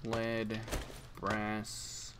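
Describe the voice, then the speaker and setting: A man's voice: fairly low pitch, monotone, very slow, heavy background noise. A young man casually commenting on his gameplay for viewers, yawning and talking about feeling tired. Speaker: gaming streamer. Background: keyboard clicks and typing.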